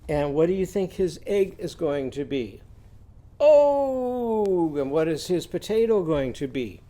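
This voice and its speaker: A man's voice: fairly high pitch, expressive, moderate pace, warm tone. A man teaching a children's literacy lesson, singing simple chants and leading the class in call-and-response.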